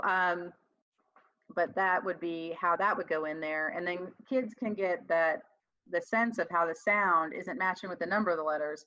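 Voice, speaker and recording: A woman's voice: on the low side, a bit bright, dry recording, lo-fi sound. A woman tutor giving a casual webinar lesson, chatty and self-deprecating, thinking aloud as she writes. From United States. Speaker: reading tutor presenting a webinar. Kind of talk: casual teaching talk.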